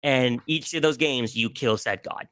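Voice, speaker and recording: Bright-voiced man gushing over games. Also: mid-range voice, a little slow, clear, resonant tone, dry recording. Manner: gushing, emotional, restarts often. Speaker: podcast guest. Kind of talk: casual podcast chat about video games.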